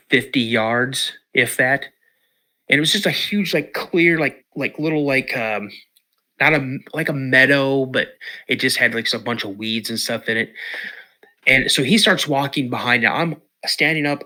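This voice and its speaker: A man from Washington state, a podcast guest telling a story in an animated way, acting out quotes and repeating words. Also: medium pitch. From Washington state, USA.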